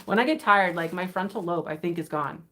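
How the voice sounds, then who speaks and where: A woman's voice: lowish voice, fairly quick, fairly bright tone. A tired woman chatting on a live stream while unboxing, giddy and rambling, laughing often. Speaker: vintage reseller hosting an unboxing. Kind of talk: casual live-stream chat.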